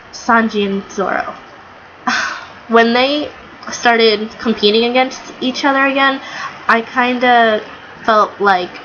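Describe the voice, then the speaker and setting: A woman's voice: a little high, a bit bright, slight background noise. Gushing, chatty woman on lo-fi audio. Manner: chatty, gushing, rambling with fillers and quoted lines. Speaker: anime reviewer. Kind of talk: casual video review.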